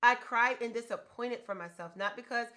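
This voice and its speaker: A woman's voice: a little high, normal speed, bright, forceful tone. A woman in her fifties hosting a casual livestream for viewers, talking emphatically and repeating her key words. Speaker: business coach and livestream host.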